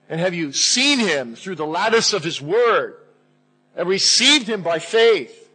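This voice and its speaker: A male pastor delivers a sermon in a church with a bright, forceful tone and a slightly raised pitch. He speaks deliberately, lifting his voice to stress key phrases. A husky grain runs through his delivery. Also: lively intonation, soft background music, low-quality recording.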